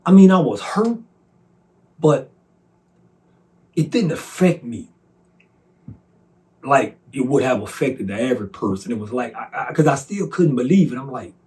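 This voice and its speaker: A man's voice: mid-range voice, big pitch swings, a little slow, long pauses, a little mellow. A man with a Southern US accent giving an earnest, emotional personal testimony, repeating himself as he tells his story. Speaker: testimony speaker.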